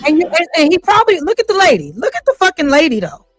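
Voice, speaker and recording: A woman's voice: very high voice, huge pitch swings, fast talker. A woman hosting casual reaction commentary, talking in a blunt, profane and heated way and firing off rhetorical questions. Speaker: host.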